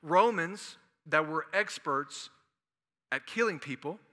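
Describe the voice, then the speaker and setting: A man preaches in a church, joking and chatting his way through the sermon. His voice is sharp and bright and sits a little high. The sound carries a long echo from the big hall. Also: slow pace. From Houston, Texas. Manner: animated, joking, conversational preaching. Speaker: pastor. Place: church sanctuary.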